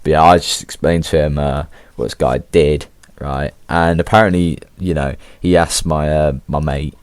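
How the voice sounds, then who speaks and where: A teenage lad with an English accent tells a school story in a loose, slang-heavy ramble, swearing freely. His voice sits low. The recording is very dry, with no room sound. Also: fairly even intonation, moderate pace, clear, resonant tone, dry recording. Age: teens. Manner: slangy, swears a lot, laid-back. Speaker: vlogger. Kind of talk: casual storytelling.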